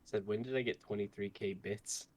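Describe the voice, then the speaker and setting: A woman voicing a goofy deep-voiced alter ego who heckles her with deadpan quips from away from the mic. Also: moderate pace, breathy edge.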